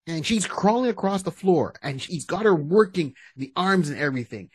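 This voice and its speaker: Male podcast co-host, animated storyteller, slightly raised pitch, dry close sound. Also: normal speed, breathy edge, no echo. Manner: animated storytelling, acting out scenes. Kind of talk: casual chat.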